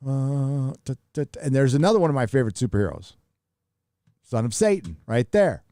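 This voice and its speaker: A man's voice: medium pitch, lively intonation, a little fast, mellow, dry recording, clean studio sound. A man hosting a live stream, chatting casually and reading out viewer donations in a rambling, profane way. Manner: rambling, profane, reads chat donations aloud.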